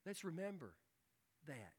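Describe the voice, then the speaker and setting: Animated high-voiced male preacher. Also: unhurried, slightly rough. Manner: dynamic preaching, drops to hushed tones and rises to emphatic outbursts. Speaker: pastor. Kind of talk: sermon.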